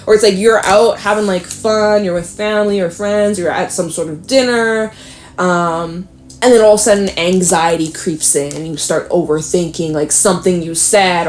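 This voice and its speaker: A woman's voice: lowish voice, steady tone, normal speed, a little hiss or hum. A woman giving a casual tarot reading to the camera, chatty and upbeat, swearing freely and laughing often as she talks straight to her viewers. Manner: upbeat and encouraging. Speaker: tarot reader.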